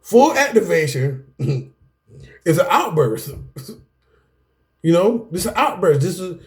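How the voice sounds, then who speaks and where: In a high, expressive voice, a bit slow and often pausing, a self-help teacher lectures the camera on anger. He preaches in a churchlike cadence, says "y'all," laughs a lot and abandons sentences midway.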